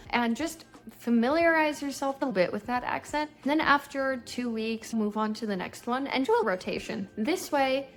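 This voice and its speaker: A young woman, a native speaker, gives an English lesson for learners. She talks in an upbeat, encouraging tone and explains each tip clearly, in the manner of a friendly online teacher. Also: on the high side. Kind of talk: YouTube language lesson.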